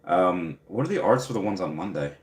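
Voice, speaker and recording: A young man with a very low voice chats loosely on a livestream, rambling and packing his talk with fillers as he answers viewers. His voice carries a roomy echo off the walls around him. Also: lively intonation, a little fast. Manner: rambling, filler-heavy, upbeat. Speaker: livestream host. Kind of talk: casual live chat reading viewer comments.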